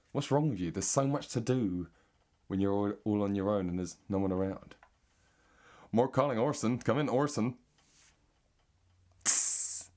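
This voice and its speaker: An English man in a rambling, sweary deadpan comic monologue. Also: low-pitched. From Britain. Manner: rambling and sweary, drifting into mock accents. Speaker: comedic monologue host.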